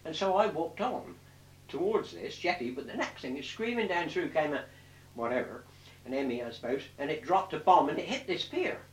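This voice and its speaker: A man's voice: fairly high pitch, lively intonation, moderate pace, a little hiss or hum. An older man, a war veteran, telling his memories in a rambling way, swearing freely and correcting himself as he goes. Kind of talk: oral history storytelling. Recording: roomy sound from a distant mic.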